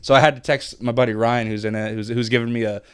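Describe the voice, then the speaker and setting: A young man co-hosting a laid-back podcast in an easygoing, rambling way. His voice is smooth and clear, recorded close and dry with no room sound. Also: mid-range voice, fairly even intonation, fast, dry recording. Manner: easygoing, rambling storytelling with many restarts. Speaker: podcast co-host. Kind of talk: casual podcast chat.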